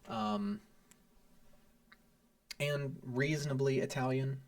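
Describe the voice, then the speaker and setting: A man's voice: medium pitch, lively intonation, normal speed, far from the mic. A man giving casual commentary over a strategy game, rambling, thinking aloud and grumbling about the interface. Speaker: strategy game let's player.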